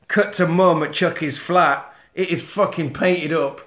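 A man's voice: on the high side, a little slow, a bit bright. A man casually recapping a horror film on a podcast, swearing a lot and acting out the scenes. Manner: sweary, acts out scenes in silly voices. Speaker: podcast host. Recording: echoey room.

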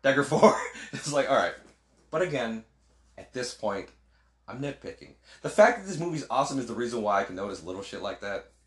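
A man's voice: mid-range voice, lively intonation, brisk, fairly bright tone. A man co-hosting a casual movie chat, acting out scenes with sound effects. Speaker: podcast co-host. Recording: echoey room.

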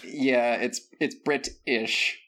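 A man's voice: medium pitch, steady tone, drawn-out words, sharp tone. A man co-hosting a comedy podcast, bantering playfully and jumping into mock-dramatic bits. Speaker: podcast co-host.

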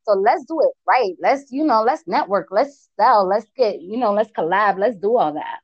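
A woman from the US East Coast with an East Coast accent, chatting casually about business and networking, lively and repeating phrases for emphasis. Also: mid-range voice, moderate pace, no room sound, dull audio. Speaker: business owner.

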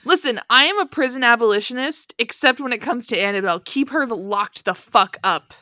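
A woman co-hosting a casual podcast, giggly and animated, reading listener reviews aloud. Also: fairly high pitch, a little fast, no echo, studio quality. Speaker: podcast co-host. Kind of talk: casual chat.

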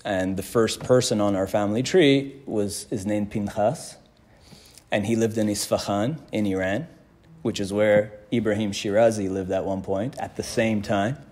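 A man's voice: on the low side, steady tone, moderate pace, a little mellow. A man teaching a religious class in a casual, conversational way, telling stories and quoting verses. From Canada. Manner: conversational, chuckles often, quotes Hebrew verses. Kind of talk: casual lecture with storytelling.

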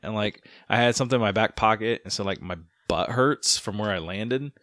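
A man's voice: on the low side, a little fast, fairly bright tone, no room sound, studio quality. A man in his thirties, co-hosting a casual podcast chat and rambling with many stammered restarts. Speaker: podcast co-host.

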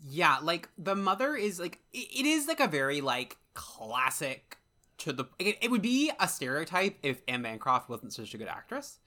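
Man, podcast co-host, casual film chat, animated, jokey, bright tone. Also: a little high, normal speed. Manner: animated, jokey, breaks into an impression of a character.

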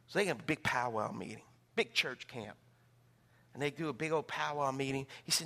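A middle-aged male pastor preaching a sermon, telling stories in an animated way and acting out the voices. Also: a little high, fairly quick, creaky. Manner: animated storytelling, acts out voices.

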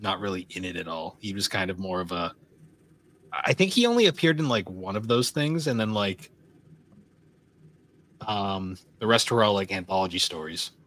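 Low-voiced male co-host, loose rambling podcast banter. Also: expressive, normal speed, long pauses, a bit bright. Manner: rambling, filler-heavy, laughs often. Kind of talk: casual chat.

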